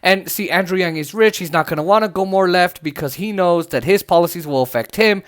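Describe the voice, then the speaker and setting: A man's voice: high voice, a little fast, fairly bright tone. A man hosting a podcast, giving casual political commentary in a loose, chatty way with many fillers and restarts. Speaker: podcast host.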